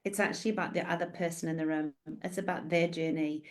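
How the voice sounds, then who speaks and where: A woman with a New Zealand accent, an author talking about her book in an interview with high, encouraging energy. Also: steady tone, fast. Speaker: author guest. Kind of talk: casual interview chat.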